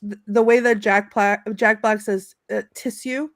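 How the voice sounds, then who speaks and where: A woman's voice: mid-range voice, level tone, moderate pace, no echo, studio quality. A middle-aged woman on a podcast panel, chatting casually, laughing often and reading favorite movie quotes aloud with relish.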